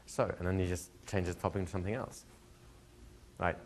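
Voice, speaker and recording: A man's voice: low-pitched, steady tone, brisk, a little hiss or hum. A man, a hypnosis instructor, answering a student's question in a live workshop, telling stories, laughing and acting out quoted dialogue. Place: training room with students.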